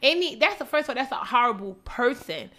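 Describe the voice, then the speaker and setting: A woman's voice: high-pitched, expressive, fairly quick, a bit bright. A woman co-hosting a podcast in casual banter, blunt and profane, often laughing. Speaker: podcast co-host.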